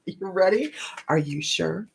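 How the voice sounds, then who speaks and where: A woman's voice: lowish voice, vocal fry, very noisy. A woman hosting a live tarot stream, chatting casually with viewers, greeting them by name and laughing often.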